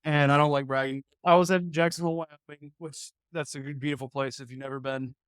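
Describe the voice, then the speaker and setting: A man's voice: a little high, steady tone, fairly quick, clean tone, no room sound, studio quality. A man in his thirties, a podcast guest and former college football player, telling an anecdote in a casual, playful, self-deprecating way.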